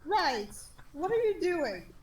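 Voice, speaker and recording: A woman playing a tabletop game, playful and quick to laugh. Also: very high-pitched, big pitch swings, reverberant. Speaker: player. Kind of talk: in-character tabletop game banter.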